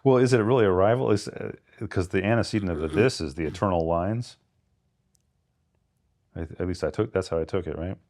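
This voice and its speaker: Guy with a low voice chatting about poems, thinks out loud, reads the lines slow. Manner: thinks aloud, reads verse slowly with stress. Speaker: podcast co-host. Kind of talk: casual literary discussion.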